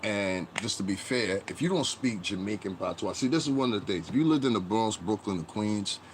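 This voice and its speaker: A man's voice: fairly low pitch, animated, brisk, a little hiss or hum. A man hosting a casual live-stream commentary, rambling conversationally and greeting chat viewers as he talks. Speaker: livestream commentary host.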